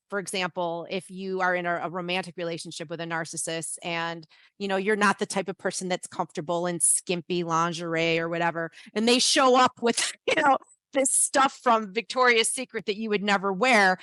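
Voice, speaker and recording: A woman's voice: on the low side, pushed and bright, no echo. A woman cohosting a podcast, giving casual advice in a rambling way with lots of restarts and fillers. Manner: rambling, many restarts and "you know"s.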